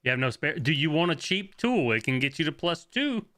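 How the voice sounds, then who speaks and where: A young man comments on his own gameplay with an excitable, swearing energy. His voice is bright and sharp, and it swings widely in pitch as he reacts. Gunfire crackles behind him. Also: brisk. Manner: excitable, swearing, laughing, answering chat. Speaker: game streamer.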